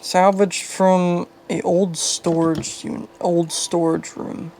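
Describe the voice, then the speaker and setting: A woman's voice: level tone, slow, warm tone, slight background noise, low-quality recording. A woman casually narrating a hands-on fan wiring repair, thinking aloud and muttering as she works at a bench. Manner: thinking aloud, low-key, muttering while working. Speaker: video host.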